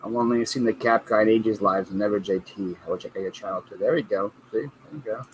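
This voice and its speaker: A man's voice: fairly low pitch, fast talker, a little hiss or hum, low-quality recording. A man hosting a casual reselling livestream, who reads viewer comments aloud and laughs often. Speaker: livestream host.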